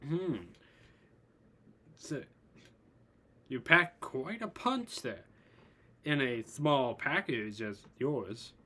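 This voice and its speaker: A man voicing a big, calm, self-assured male warrior in a read-aloud fan story. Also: medium pitch, extremely slow, pauses often, full character voice.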